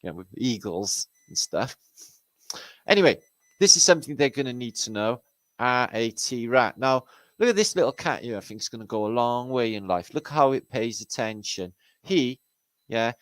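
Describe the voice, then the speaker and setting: A man's voice: mid-range voice, no echo, rough recording. A man from Britain hosting, giving rambling, sarcastic and profane commentary over pictures. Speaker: host.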